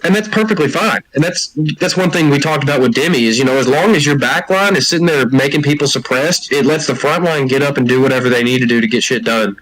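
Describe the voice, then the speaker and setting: A man hosting a casual group chat, recounting game moments in an animated storytelling way. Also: medium pitch, quick pace, hardly any pauses, low-quality recording.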